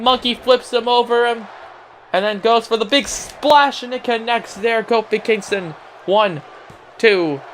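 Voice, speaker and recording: A man's voice: high-pitched, a bit bright, a little hiss or hum. A young man giving casual play-by-play commentary on a wrestling video game, putting on a mock announcer tone with laughing asides.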